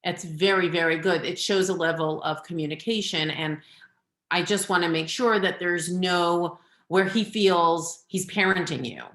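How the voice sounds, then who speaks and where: A woman's voice: fairly low pitch, unhurried, a bit bright. A middle-aged woman, a parenting coach, giving earnest, direct advice in a webinar over a video call. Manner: earnest, advising, gives direct instructions. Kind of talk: webinar talk. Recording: echoey room.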